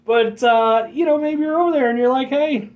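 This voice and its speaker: A man's voice: very high voice, brisk, distant mic, narrow, tinny audio. An American man hosting a casual vlog, rambling and joking as he talks to his viewers as folks. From United States. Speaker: vlog host.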